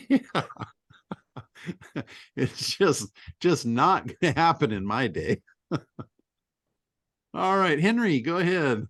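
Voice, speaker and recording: A man's voice: on the high side, big pitch swings, drawn-out words, pauses often, fairly bright tone, dry recording, studio quality. A man hosting a business group call, chatting casually, bluntly giving advice, laughing often, with mild swearing. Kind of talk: casual chat, telling stories and giving advice.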